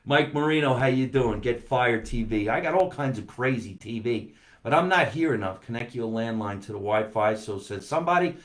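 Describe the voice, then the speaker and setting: A man's voice: medium pitch, animated, moderate pace, echoey room. A man, a comedian, hosting a casual live stream, chatting animatedly and reading out viewer comments. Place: home basement.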